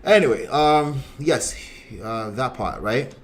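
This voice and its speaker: A man's voice: medium pitch, slow. A man with a Nigerian accent, a relationship coach hosting a casual live stream, reading viewer comments and addressing his audience bluntly. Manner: blunt, conversational, calls out viewers and 'gentlemen' directly.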